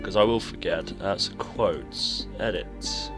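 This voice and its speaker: A man's voice: sits low, takes it slowly. A man with a sore throat and a fading voice, chatting casually with his viewers while streaming a game. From England. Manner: chatty, rambling, talks to chat while playing. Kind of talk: casual live-stream gaming commentary. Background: background music.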